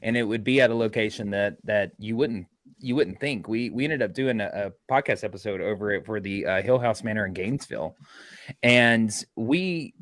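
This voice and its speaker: A man's voice: fairly low pitch, moderate pace. Man telling a ghost-hunt story. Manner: lively, acts out quotes. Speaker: paranormal investigator. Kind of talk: animated storytelling.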